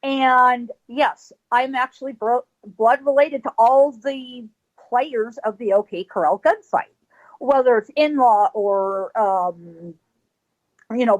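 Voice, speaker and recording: Animated high-voiced woman telling a story. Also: low-quality recording. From California. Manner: animated storyteller, acts out quoted voices, laughs often. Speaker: psychic guest. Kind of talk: storytelling on a radio call-in show.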